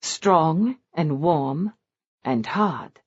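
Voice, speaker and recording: A woman reads a romance novel aloud in an expressive narrating style. Her voice sits low and moves in lively pitch swings. The recording sounds dull and lo-fi. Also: a little slow. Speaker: audiobook narrator.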